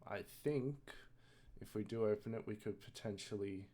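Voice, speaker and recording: Low-voiced man playing in a game. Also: normal speed, mellow. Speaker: player. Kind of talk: casual tabletop play.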